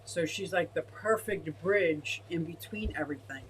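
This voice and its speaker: A woman hosting a casual fish-keeping livestream, talking in an excitable, gushing way as she reads chat aloud. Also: fairly low pitch, normal speed, slight background noise, low-quality recording. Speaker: aquarium fish-keeping streamer.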